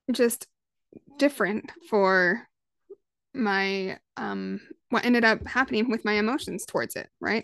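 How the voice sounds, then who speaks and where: A woman in her thirties, a parenting coach, talking through her ideas on her own podcast in a lively, conversational way. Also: medium pitch, dry recording, clean studio sound. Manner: conversational, lively, acts out quoted voices. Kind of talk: solo podcast monologue.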